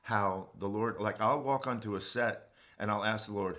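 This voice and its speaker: Low-voiced earnest man. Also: moderate pace, hardly any pauses, fairly bright tone. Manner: earnest, speaks openly about faith. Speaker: guest vocal coach and producer. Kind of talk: casual livestream chat.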